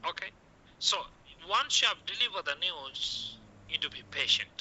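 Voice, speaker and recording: A man's voice: sits high, big pitch swings, normal speed, pushed and bright, highs cut off, slight background noise. A man teaching how to break bad news to patients. He talks in short coaching phrases, says "okay" again and again, and acts out the doctor's lines. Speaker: medical communication teacher. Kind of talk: classroom lecture.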